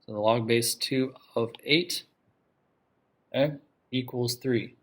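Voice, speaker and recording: A male math teacher lecturing his class in a classroom. His voice sits at a middle pitch as he talks the students through each step. He stops often to ask "okay?", throws questions out to the room, and repeats the main idea for emphasis. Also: steady tone, takes it slowly, a bit bright.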